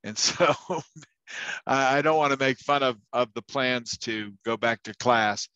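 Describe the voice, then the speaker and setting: A man's voice: mid-range voice, a little slow, bright, forceful tone, clean tone, no room sound, highs cut off. A man teaching a university class, telling anecdotes in a casual, chatty way with many fillers and restarts. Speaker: university instructor. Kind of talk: casual lecture storytelling.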